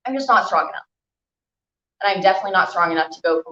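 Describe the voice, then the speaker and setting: A woman's voice: lowish voice, lively intonation, quick pace, bright, forceful tone. A young woman teaching a stretching class, chatty and encouraging, a little out of breath as she holds the stretches. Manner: chatty, encouraging, filler-heavy. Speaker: stretching instructor. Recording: echoey room, dull lo-fi sound.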